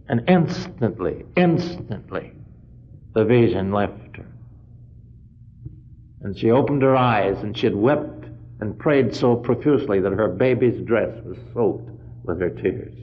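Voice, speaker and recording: A man's voice: lowish voice, animated, unhurried. Man preaching over a dull lo-fi recording. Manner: retells a story with frequent "he said", surging to loud emphatic peaks. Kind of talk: storytelling sermon.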